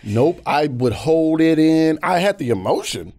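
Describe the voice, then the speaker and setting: A man's voice: on the high side, a little slow, no echo. An American man, a comedian guest, telling personal stories candidly and acting out other voices. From United States. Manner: animated, acts out voices. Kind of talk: candid storytelling chat.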